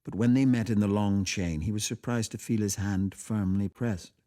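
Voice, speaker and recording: A man reading a classic short story aloud for radio in a measured, quiet way. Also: on the low side.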